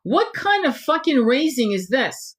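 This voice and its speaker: A woman's voice: high voice, very animated, measured pace. A middle-aged woman hosting her own channel, delivering a blunt, profanity-laced rant straight to camera. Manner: blunt, swearing, ranting. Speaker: tarot channel host. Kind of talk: impassioned monologue to camera.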